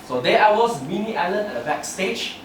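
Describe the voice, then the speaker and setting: A man's voice: sits high, lively intonation, fairly quick. A young man giving a humorous prepared speech at a club meeting, telling stories about himself and laughing through his lines. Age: young adult. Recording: echoey room from far off, noisy.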